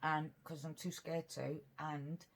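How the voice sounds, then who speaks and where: Flat and slow, her deep voice comes with a faint hiss or hum on the recording. She is a mukbang vlogger from Britain who rambles earnestly in casual chat as she eats on camera for her vlog.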